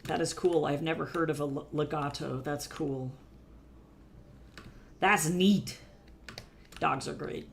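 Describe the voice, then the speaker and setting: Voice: mid-range voice, fairly even intonation, slow, vocal fry, pauses often, slight background noise. Chatty art streamer talking to chat. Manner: loose and chatty, swears freely, talks to chat while working. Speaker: art livestreamer. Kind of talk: casual livestream chat while drawing.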